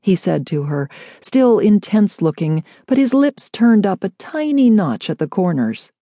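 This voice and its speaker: A woman reading a romance audiobook in an expressive, wry storytelling manner, close to a studio mic. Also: mid-range voice, measured pace, no echo. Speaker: audiobook narrator. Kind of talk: audiobook narration of a romance novel.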